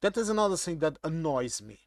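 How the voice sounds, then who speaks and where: A man's voice: a little high, sing-song, a little fast, dry recording, clean studio sound. A man with a Portuguese accent, native in Portuguese, giving a casual, blunt and irritated monologue commentary.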